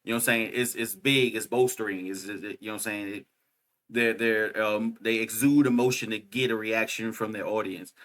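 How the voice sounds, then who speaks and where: Excitable, slangy young man with a bright voice. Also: fairly low pitch, brisk. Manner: excitable, laughs a lot, slangy with frequent "bruh". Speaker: podcast co-host. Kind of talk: casual chat.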